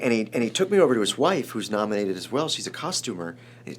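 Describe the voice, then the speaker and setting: A man in his forties from Chicago, a screenwriter telling an emotional story in an interview, animated and rambling with many restarts. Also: fairly low pitch, fast talker. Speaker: screenwriter guest.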